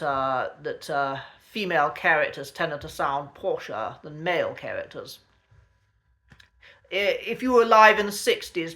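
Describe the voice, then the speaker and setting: A man's voice: a little high, a bit bright. A man, an accent coach, talking casually and thoughtfully through an educational topic.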